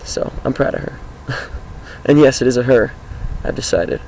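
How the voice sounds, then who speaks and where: A teenage boy talking casually outdoors about his life, with a groggy, hoarse voice and a rambling, upbeat manner. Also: medium pitch, normal speed, darkish tone, a little hiss or hum, poor audio. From Washington State, US. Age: teens. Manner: rambling, upbeat, many fillers. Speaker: high school student vlogger. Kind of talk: casual self-introduction vlog. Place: outdoors, sitting on his car.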